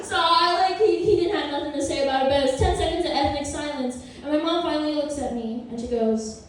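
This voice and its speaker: A woman's voice: high voice, quick pace, slight background noise. A young woman in her twenties doing a stand-up comedy set, with a playful, self-mocking, chatty manner. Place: comedy club with live audience. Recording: roomy, distant live club recording.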